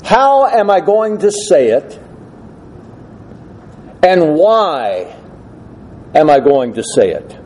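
A male preacher delivering an earnest expository sermon and stressing his numbered points. His voice is high and mellow. He speaks slowly and deliberately. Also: very animated, slight background noise, rough recording.

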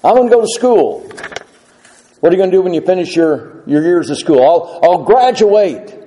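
A man's voice: sits high, animated, normal speed, mellow. A man voicing an eager, ambitious young male law student in a story told from the pulpit.

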